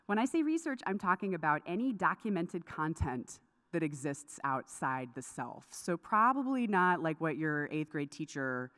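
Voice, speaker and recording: A woman's voice: low voice, sing-song, normal speed, fairly bright tone. A woman giving a craft lecture at a conference, chatty and prone to laughing asides. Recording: lecture hall with long reverb.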